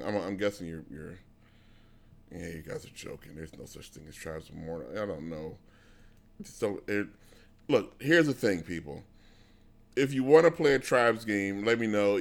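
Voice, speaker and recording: A man streaming live, chatting casually with his viewers in a rambling, blunt way with lots of restarts. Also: lowish voice. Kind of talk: casual rambling chat to an audience.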